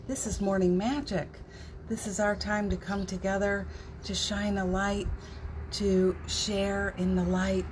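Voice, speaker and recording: A woman leads a spiritual morning livestream, speaking very slowly and gently as she greets her viewers by name. Her tone is playful, and small laughs come through between her words. A faint hiss of home ambience sits behind her voice. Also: medium pitch. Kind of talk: live-streamed spiritual talk greeting viewers.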